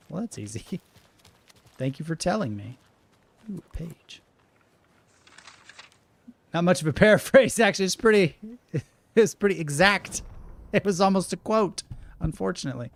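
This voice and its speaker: A man's voice: on the high side, animated, unhurried, vocal fry, pauses often, no echo. A man from Oklahoma with an Oklahoma accent, casually commentating a video game, reading its text aloud and laughing often as he answers chat. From Oklahoma, USA. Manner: chatty, laughs often, reacts to live chat. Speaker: gaming streamer.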